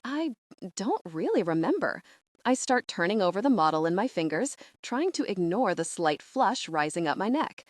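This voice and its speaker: A woman narrating a first-person audiobook in a wide-eyed, expressive way. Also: lowish voice, moderate pace, hardly any pauses, no echo, studio quality.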